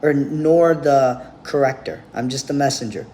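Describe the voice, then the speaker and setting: A man's voice: mid-range voice, normal speed, warm tone, slight background noise. A man giving a blunt, profane, rambling monologue straight to camera as a vlogger.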